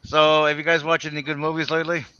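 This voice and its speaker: A man hosts a livestream with a bright, slightly high voice and a rambling, hesitant way of talking. He often repeats words as he goes. His mic sounds somewhat muffled and lo-fi. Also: completely flat delivery, quick pace, clean tone, no room sound. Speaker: livestream host. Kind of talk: casual chat.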